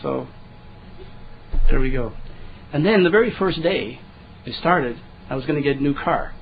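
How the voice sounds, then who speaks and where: A man giving a conversational sermon in a folksy way. He restarts his words, reads scripture slowly and clears his throat often. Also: mid-range voice, lively intonation, lo-fi sound, slight background noise. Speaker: preacher.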